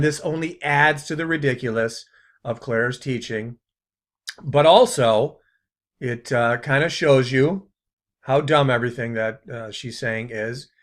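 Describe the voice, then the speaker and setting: A man in the middle of his pitch range narrates a commentary video. He mocks the clips he plays, laughing at them and letting his voice trail off softly at the ends of phrases. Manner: mocking, laughing, trailing off quietly.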